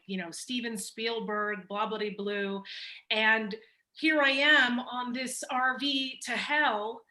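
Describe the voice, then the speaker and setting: Animated woman filmmaker telling her story. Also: on the high side, rough recording. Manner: animated, laughing through an emotional story. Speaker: documentary filmmaker on a panel. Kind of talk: panel discussion storytelling.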